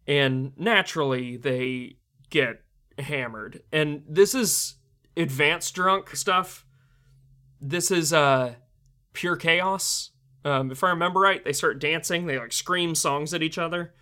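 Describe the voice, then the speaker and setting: A man's voice: on the high side, slow pace, bright, forceful tone. A young man reviewing a film in casual commentary, rambling with many fillers and laughs.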